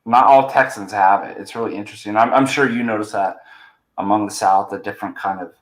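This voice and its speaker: A man with a somewhat low voice hosts a podcast in a loose, chatty way. He circles around his points and restarts his sentences, and his voice sounds roomy, as if the room echoes. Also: fairly even intonation, fast talker. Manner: chatty, trailing restarts and fillers. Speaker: podcast host. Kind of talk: casual chat.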